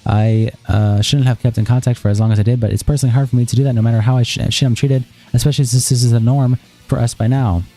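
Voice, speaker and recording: A man on a live stream, reading a written statement aloud in a rapid, flat way, stumbling and restarting now and then. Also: medium pitch, faint music behind.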